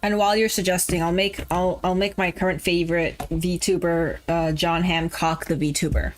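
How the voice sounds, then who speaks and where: Slightly tipsy woman streamer, lowish voice. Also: little pitch movement, moderate pace. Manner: rambling, goes off topic, swears, laughs often. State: a little tipsy. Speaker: VTuber streamer. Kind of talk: casual livestream chat.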